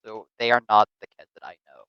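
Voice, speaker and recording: A man's voice: lowish voice, fast, clear, resonant tone, no room sound, dull audio, close to an everyday voice. A man voicing a young woman adventurer who reasons carefully and hesitantly.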